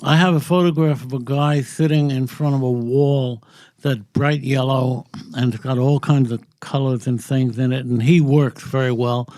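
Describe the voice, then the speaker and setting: A man's voice: medium pitch, fairly even intonation, moderate pace, darkish tone, dry recording. An older man, a guest photographer, speaking bluntly and reflectively in a podcast interview. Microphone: podcast studio mic.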